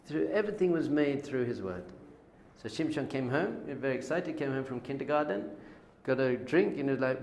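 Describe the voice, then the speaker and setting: A middle-aged man, a rabbi teaching an informal Torah class, lively and joking, acting out little dialogues. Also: mid-range voice, creaky. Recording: echoey room with faint noise.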